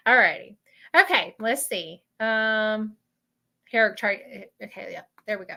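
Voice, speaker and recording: A woman with a Southern US accent hosting a live stream of spiritual readings, talking in an emotional, halting way that repeats itself. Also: medium pitch, creaky, pushed and bright. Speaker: host doing spiritual readings. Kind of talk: live-stream chat with viewers.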